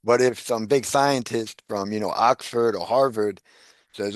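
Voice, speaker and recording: A man's voice: lowish voice, a little slow, no room sound. Laughing man in casual chat, dry sound. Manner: animated, laughs often, repeats words. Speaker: guest.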